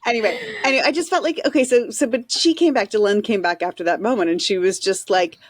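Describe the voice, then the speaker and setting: A woman co-hosting a podcast in casual chat, excitable and acting out quotes as she talks. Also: medium pitch, quick pace. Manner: excitable, acts out quotes from the episode. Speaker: podcast co-host.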